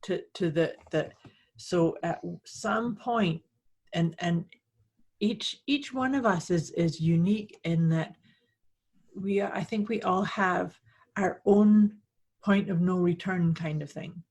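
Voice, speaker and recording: Husky North American woman co-host. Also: fairly low pitch, slow, a little mellow. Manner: affirming, coach-like, builds on the other host's points. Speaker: podcast co-host. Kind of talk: casual chat.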